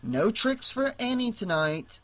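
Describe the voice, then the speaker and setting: A man's voice: high voice, sing-song, a little slow, fairly bright tone, voice pushed up, heavily acted. A man voicing a wisecracking, sarcastic young woman babysitter in an audiobook, with a raised, lighter voice. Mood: muttering wry.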